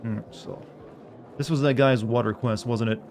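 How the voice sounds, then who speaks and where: A man's voice: mid-range voice, steady tone, normal speed, a little mellow, slight background noise. Rambling young male game streamer. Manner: rambling, full of filler words, reading chat aloud. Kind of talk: casual gameplay chat with viewers.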